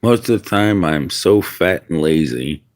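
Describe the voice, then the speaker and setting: A man's voice: low voice, animated, unhurried. A man streaming outdoors in the wind, musing aloud in rambling casual chat with viewers. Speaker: livestreamer.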